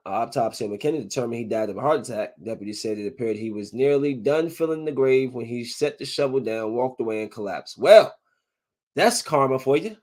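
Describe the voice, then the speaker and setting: A man hosting a casual solo podcast, talking animatedly, trash-talking with plenty of profanity, and reading news stories aloud with his own comments. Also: mid-range voice. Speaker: podcast host.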